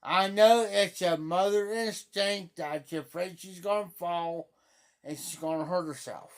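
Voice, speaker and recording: Middle-aged host, slow unhurried talk, mid-pitched voice, repeats lines, loud acted-out quotes. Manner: repeats phrases, acts out quoted speech loudly. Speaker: livestream host. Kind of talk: casual storytelling on a livestream.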